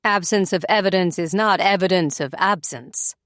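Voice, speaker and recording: A woman voicing a blunt, deadpan man who cooks, as dialogue in an audiobook. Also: lowish voice, moderate pace, no echo, clean studio sound, close to an everyday voice.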